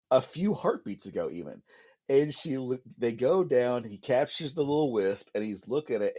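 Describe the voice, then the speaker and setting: A man co-hosting a podcast in casual chat, mocking and animated, acting out quotes and laughing often. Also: medium pitch. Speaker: podcast co-host.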